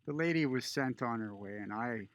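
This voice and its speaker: A man casually telling a personal story, relaxed and conversational with filler pauses. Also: mid-range voice, no echo. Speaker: vlogger.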